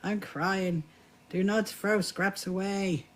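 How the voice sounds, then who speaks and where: A woman's voice: mid-range voice, steady tone, slow pace. A woman hosting a casual sewing live stream, chatty, often restarting her sentences and greeting viewers by name. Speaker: livestream host. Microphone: phone or camera on a live stream.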